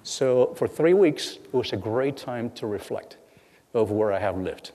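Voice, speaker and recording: A middle-aged man giving a lecture as guest speaker, telling stories with halting repeats and acting out bits of dialogue. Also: medium pitch, lively intonation, dark tone. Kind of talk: lecture storytelling. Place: lecture hall. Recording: long hall reverb.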